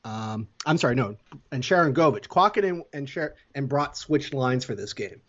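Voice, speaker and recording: A man's voice: medium pitch, expressive, normal speed, fairly bright tone, muffled recording. A man casually recapping a hockey game as a podcast co-host, telling the plays step by step with fillers. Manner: play-by-play storytelling with fillers.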